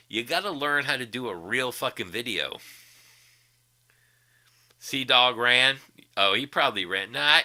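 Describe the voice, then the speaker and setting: A man's voice: medium pitch, sharp tone. A man hosting a casual livestream, profanely mocking a rival with frequent laughter. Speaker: livestream host.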